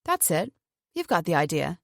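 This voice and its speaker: A woman's voice: on the low side, big pitch swings, normal speed, gravelly, no echo, studio quality. A woman reading an audiobook, voicing a chatty, patronising woman captor who holds a gun and talks falsely soothing. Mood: coolly menacing.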